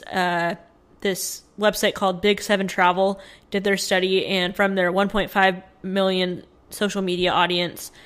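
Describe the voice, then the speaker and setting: On a casual podcast, a female co-host with a medium-pitched, fairly bright voice chats her way through news stories. She reads from her notes and fills her talk with plenty of fillers.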